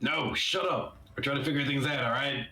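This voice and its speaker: A man's voice: mid-range voice, brisk, bright, forceful tone, reverberant, distant mic, voice pushed up, poor audio. A man voicing a brash young male priest adventurer, urgent and swearing. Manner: urgent, swearing, talking over others.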